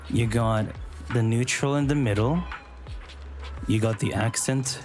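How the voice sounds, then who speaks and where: A man's voice: medium pitch, a little slow, darkish tone, soft background music. A young man casually commentating a game on a live stream, chatty and joking, gushing about character designs.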